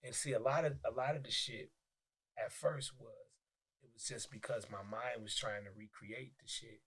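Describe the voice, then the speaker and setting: A man with a Detroit accent, a podcast guest telling stories in casual, profane, animated talk with many restarts. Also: mid-range voice, moderate pace, husky. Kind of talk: casual interview chat.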